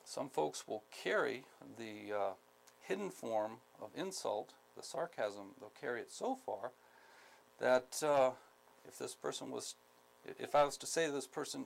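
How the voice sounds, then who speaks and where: A man from the United States giving a skills training lecture, speaking deliberately, repeating key points, with many ums. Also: medium pitch, lively intonation, creaky, low-quality recording. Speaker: instructor.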